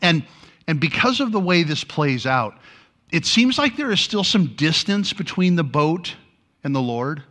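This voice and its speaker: A man preaching to a congregation, his voice bright and forward. His pitch leaps up and drops low as he tells the story, acting out each quoted line with feeling. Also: big pitch swings, unhurried. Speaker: pastor. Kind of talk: sermon.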